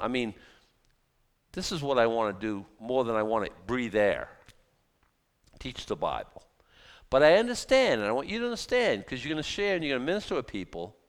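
Animated gravelly-voiced male preacher. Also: mid-range voice, big-room sound. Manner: animated, conversational preaching with mocking asides. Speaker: pastor. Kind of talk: sermon.

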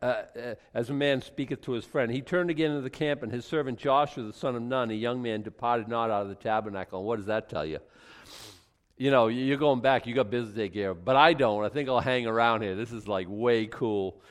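A man's voice: mid-range voice, fairly quick, in a large hall. A man teaching a Bible study in a casual, conversational way, reading scripture aloud then commenting with frequent restarts.

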